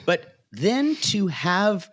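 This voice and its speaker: A man hosting a podcast, chatting casually and animatedly about reality television and often mimicking the people on the show. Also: high-pitched. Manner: animated, quick to mimic cast members. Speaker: podcast host. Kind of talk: casual reality TV recap chat.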